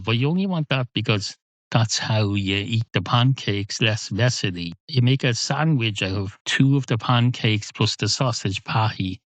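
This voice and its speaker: A man hosting a comedy podcast, delivering a rambling, deadpan, stream-of-consciousness monologue. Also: fairly low pitch, no echo. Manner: rambling, deadpan, self-correcting.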